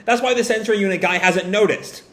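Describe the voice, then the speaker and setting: A man's voice: high voice, quick pace, a bit bright, voice pushed up. A man voicing a brash teenage ninja boy, raising his voice and pushing hard on the lines. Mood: insistent. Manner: raised, pushy delivery. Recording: roomy echo.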